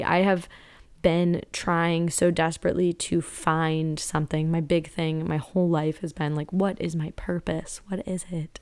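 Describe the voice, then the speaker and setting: A young woman talks alone on her podcast in a loose, earnest monologue. Her voice sits a little low for a woman. She wanders through her thoughts with plenty of "like" fillers. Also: darkish tone, clean tone. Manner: earnest and rambling, many "like" fillers. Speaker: podcast host. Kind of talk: casual spiritual podcast monologue.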